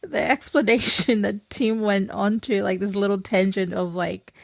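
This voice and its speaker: A young Australian woman guesting on a podcast, chatting casually, sarcastic and quick to giggle. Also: medium pitch, steady tone, creaky, no echo. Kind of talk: casual chat.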